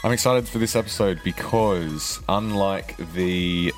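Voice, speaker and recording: An Australian man hosting a casual podcast in a very low voice. He chats in an upbeat, joking way, laughing easily. Faint music sits under his talk. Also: unhurried. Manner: upbeat and jokey, with frequent laughs and fillers. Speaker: podcast host. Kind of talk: casual investing podcast chat.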